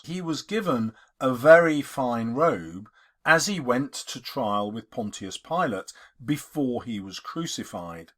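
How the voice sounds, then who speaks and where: A male English teacher giving a literature lesson, explaining in an emphatic, expressive way. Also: fairly high pitch.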